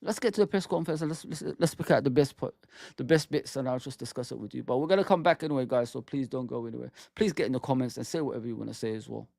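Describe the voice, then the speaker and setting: A man's voice: mid-range voice, racing, vocal fry, hardly any pauses, darkish tone, dry recording, clean studio sound. A man hosting a football fan channel, ranting with heated, exasperated commentary and some swearing.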